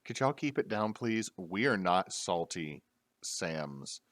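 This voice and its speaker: Man doing a fed-up tavern waitress with a soft, dry drawl. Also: sits low, big pitch swings, slow pace, dry recording, exaggerated voice. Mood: irritated. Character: annoyed female tavern waitress, weary.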